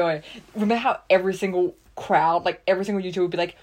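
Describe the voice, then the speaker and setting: A woman's voice: fairly low pitch, fairly even intonation, rapid-fire, a little mellow. A young woman co-hosting a podcast, chatting casually and rambling with lots of fillers. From Australia. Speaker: podcast co-host. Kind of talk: casual chat.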